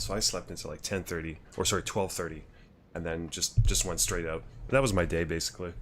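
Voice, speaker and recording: A man's voice: deep voice, fast, slight background noise. A man in his thirties casually telling a rambling story on a gaming livestream, laughing and restarting often. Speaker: streamer.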